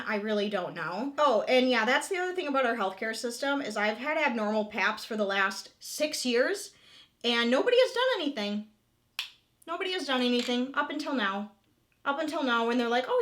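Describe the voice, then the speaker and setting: A woman's voice: on the high side, a bit bright. Candid woman in her thirties venting. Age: 30s. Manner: candid, emotional, swears freely, many "like" fillers. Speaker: vlogger. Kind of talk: casual confessional vlog chat.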